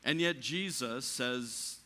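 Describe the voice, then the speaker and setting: Here a pastor gives a slow sermon in church, his voice sitting in the mid range. The calm lines come out quietly, while the peaks push him nearly to a shout.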